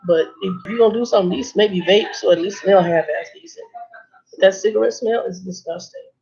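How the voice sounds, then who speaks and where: A woman's voice: medium pitch, brisk, creaky, slightly rough. A woman truck driver telling stories in a casual vlog, blunt and sarcastic. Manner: sarcastic, blunt, animated storytelling. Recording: dull lo-fi recording.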